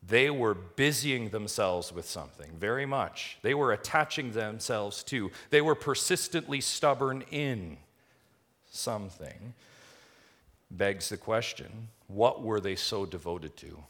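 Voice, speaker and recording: A man preaching a sermon, emphatic and full of rhetorical questions, swinging between quiet stretches and loud, rising lines. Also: lowish voice, a little slow. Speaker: pastor.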